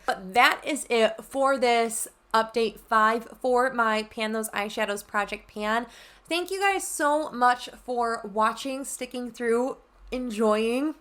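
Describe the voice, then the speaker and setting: Young adult woman, casual makeup vlog host, bubbly and chatty, slightly high voice. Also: a bit bright. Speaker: beauty vlogger.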